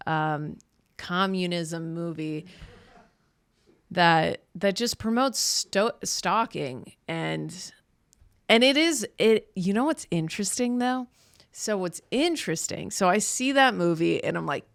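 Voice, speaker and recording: A woman hosting her own podcast, with a somewhat low voice and a dry, close sound. She talks loosely and sarcastically and keeps interrupting herself mid-sentence. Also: lively intonation, takes it slowly, gravelly, fairly bright tone, dry recording. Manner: rambling, sarcastic retelling with self-interruptions. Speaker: podcast host. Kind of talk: casual comedic monologue.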